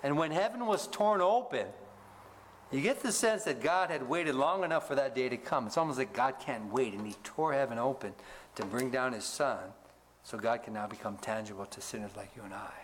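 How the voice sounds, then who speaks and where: Man preaching a sermon, faint noise. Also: fairly quick. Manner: asks the congregation to fill in words; rises in pitch for emphasis, drops low to close points. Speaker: pastor.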